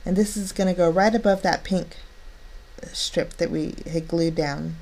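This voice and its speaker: A woman's voice: lowish voice, fairly even intonation, normal speed, creaky, darkish tone. A woman narrating a card-making tutorial, chatty and step-by-step, delighted with her work.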